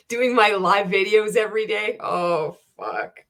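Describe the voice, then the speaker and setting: A woman's voice: medium pitch, takes it slowly, fairly bright tone. A woman giving a sarcastic, profane reaction rant as a video commentator, blunt and scornful.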